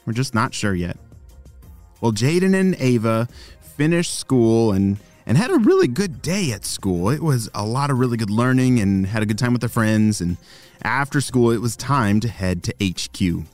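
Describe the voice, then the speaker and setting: A man's voice: medium pitch, animated, normal speed, darkish tone, faint music behind. A man hosting a children's podcast, narrating a story in a chatty way and talking directly to young listeners. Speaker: storyteller and host of kids' podcast.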